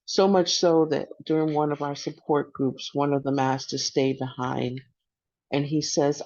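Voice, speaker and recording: A woman's voice: low-pitched, darkish tone. Hesitant middle-aged woman, muffled audio. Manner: halting, hesitant, with many restarts. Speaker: veteran panelist and peer support worker. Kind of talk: personal testimony on a panel.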